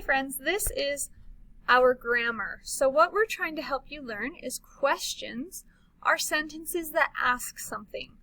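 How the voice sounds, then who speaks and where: Bright, high-voiced woman teacher. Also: slight background noise, low-quality recording. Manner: slow, clearly modeled reading with lively exclamations. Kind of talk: slow read-along phonics lesson.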